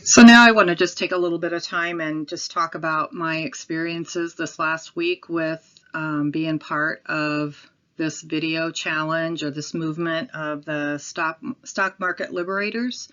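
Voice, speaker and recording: Low-voiced Midwestern woman, rambling vlog. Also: steady tone, a bit bright, highs cut off. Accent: Midwestern American. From Midwestern United States. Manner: rambling, apologetic, many pauses and ums. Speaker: vlogger. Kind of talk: casual talk to camera. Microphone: home recording.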